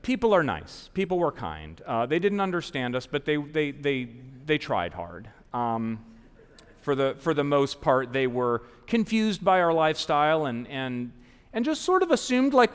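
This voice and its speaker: A lively man in his forties from the American South tells a story live on a big theater stage, his pitch rising and falling a lot as he acts out the people in it. His voice sits a bit high for a man. The hall adds a long, ringing reverb. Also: moderate pace, clear, resonant tone. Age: 40s. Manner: animated, self-mocking, acts out quoted people. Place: large theater stage before an audience.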